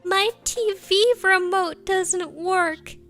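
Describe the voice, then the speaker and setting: A fretful old grandmother, gentle and hesitant, who hums over small decisions, as a young woman puts her on. The voice is high and bright. It comes with a soft, anxious plea in it. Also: very slow, faint music behind, exaggerated voice. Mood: plaintive.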